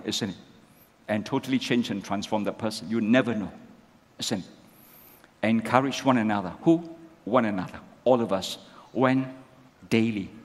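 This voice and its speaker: A male pastor preaching a sermon, asking the congregation rhetorical questions and tagging lines with "isn't it?". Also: mid-range voice. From Malaysia. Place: church sanctuary. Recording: long church hall reverb.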